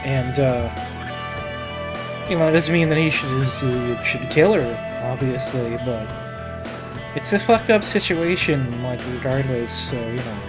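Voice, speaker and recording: Male let's play host, rambling and emotional, mid pitch, clear guitar music behind. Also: a little slow. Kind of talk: casual gameplay commentary.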